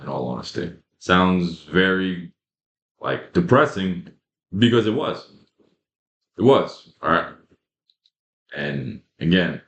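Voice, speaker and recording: A young man with a fairly low voice gives an earnest, casual motivational talk about fitness. He leans on repetition and slangy asides. The room is echoey and bare-sounding. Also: fairly bright tone. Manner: casual, repetitive, emphatic, addresses viewers as guys and bro. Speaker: fitness creator.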